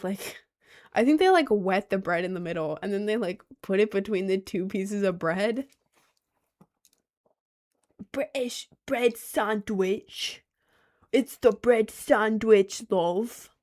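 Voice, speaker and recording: A woman's voice: mid-range voice, darkish tone. A young woman streaming and reading her chat, giggly and rambling, full of slang and self-conscious asides. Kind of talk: casual live-stream chat.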